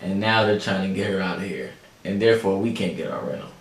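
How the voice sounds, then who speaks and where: A man hosting a podcast, telling a story in a chatty, animated way and talking straight to his listeners. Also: low-pitched, fast talker. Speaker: podcast host. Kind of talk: casual storytelling chat. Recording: echoey room, faint background noise.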